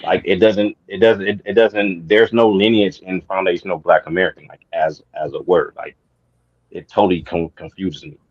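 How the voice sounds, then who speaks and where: A man's voice: sits low, fairly even intonation, normal speed. A man on a talk-show panel, speaking hesitantly with many halts and restarts, sounding confused. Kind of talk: casual discussion. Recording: dull lo-fi sound.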